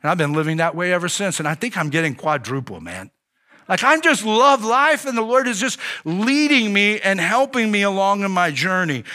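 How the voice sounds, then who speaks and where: Bright, high-voiced pastor preaching earnestly. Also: male voice, animated. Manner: earnest, halting storytelling with many restarts and fillers; voices God and himself in quoted dialogue. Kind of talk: sermon.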